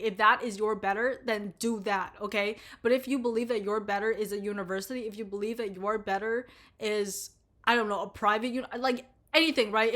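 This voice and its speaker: A woman's voice: mid-range voice, fairly bright tone. A young adult woman talking casually to camera, rambling and bluntly profane, full of "like" and "you know.". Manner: frequent "like" and "you know" fillers. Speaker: vlogger.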